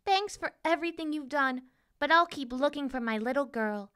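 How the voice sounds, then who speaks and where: A woman reading a children's storybook aloud, voicing an eager young paper princess in a bright, wondering, earnest way. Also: high voice, normal speed, voice pushed up.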